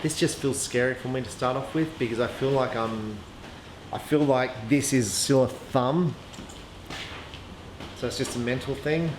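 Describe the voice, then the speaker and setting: A man's voice: medium pitch, unhurried. Man, casual gear review, hesitant, lots of ums, echoey room, faint background noise. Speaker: archery equipment reviewer. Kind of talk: casual product review, thinking aloud.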